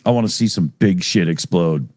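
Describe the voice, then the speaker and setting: A man's voice: sits low, normal speed, a little mellow, no echo. A man co-hosting a live stream, reading out viewer super chats in a loose, rambling, profane way and laughing often. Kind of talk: casual live-stream chat.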